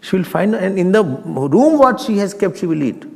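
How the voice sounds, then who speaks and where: Animated man teaching scripture. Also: high-pitched, normal speed, creaky. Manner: animated, humorous, mixes Hindi with English, chants Sanskrit verses. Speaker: swami teaching Vedanta. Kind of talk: scripture class lecture. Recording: reverberant hall.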